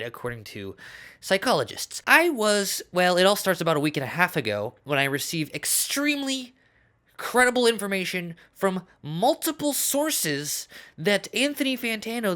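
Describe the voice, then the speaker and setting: A man hosting his comedy vlog, telling a story in a deadpan, self-important tone that plays it mock-serious. His pitch swings widely and animatedly from line to line. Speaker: comedic vlogger.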